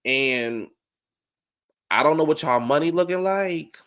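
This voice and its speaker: A man's voice: fairly high pitch, unhurried, a bit bright. Blunt man ranting with emphatic repeats. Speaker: podcast co-host. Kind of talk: casual commentary chat.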